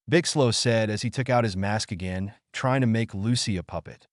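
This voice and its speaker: A man's voice: fairly low pitch, moderate pace, hardly any pauses, no echo, clean studio sound. A man reading fan fiction aloud as narrator, voicing all the parts himself. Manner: storytelling, reads all parts.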